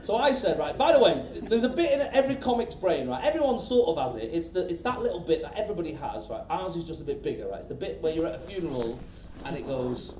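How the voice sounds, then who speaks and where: A middle-aged man, a stand-up comedian telling a story on stage to a live audience in a chatty, animated way, swearing freely and often checking in with the crowd. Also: fairly high pitch, fast talker. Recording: roomy live-venue recording from a distance. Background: audience laughter and crowd noise.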